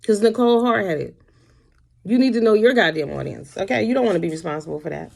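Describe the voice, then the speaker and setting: Sassy, gravelly woman ranting at home. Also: mid-range voice, animated, quick pace. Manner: blunt, sassy, heavy cursing. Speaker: commentary vlogger. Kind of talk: profane rant to camera.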